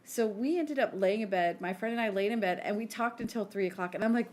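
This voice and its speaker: A woman's voice: mid-range voice, fast talker, darkish tone. A woman in her forties co-hosting a podcast, telling stories in a chatty way with lots of "like" and acted-out quotes. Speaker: podcast co-host. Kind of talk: casual chat.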